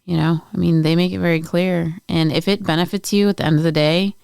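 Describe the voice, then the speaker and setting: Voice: mid-range voice, little pitch movement, fast, gravelly, darkish tone, clear, resonant tone, no echo, studio quality. A podcast co-host talking in a supportive, conversational way. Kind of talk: casual chat.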